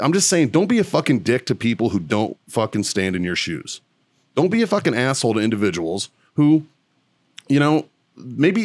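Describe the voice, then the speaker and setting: A man's voice: medium pitch, sing-song, brisk, dry recording. A middle-aged man co-hosting a podcast, delivering a blunt, heavily profane rant with strong emphasis. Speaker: podcast co-host.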